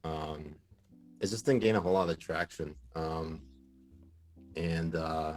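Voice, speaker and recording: A man's voice: a bass voice, a little slow, faint music behind. A man in a casual podcast interview, telling stories with lots of fillers and bursts of laughter. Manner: animated, laughing storyteller with many fillers. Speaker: podcast guest, journalist.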